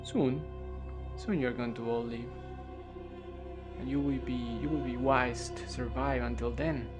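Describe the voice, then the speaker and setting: A man's voice: mid-range voice, steady tone, a little slow, lightly acted. A man voicing a cruel, scornful female drow jailer who threatens her prisoners coldly, over faint music. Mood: mocking. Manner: cold, threatening, mocking.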